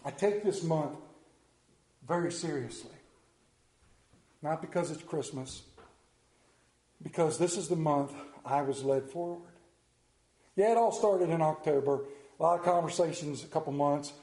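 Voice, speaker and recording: Animated high-voiced man preaching in an echoey hall. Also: a little slow, long pauses. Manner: animated storyteller, acts out voices. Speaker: pastor. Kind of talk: sermon. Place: church hall with congregation. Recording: roomy echoing hall.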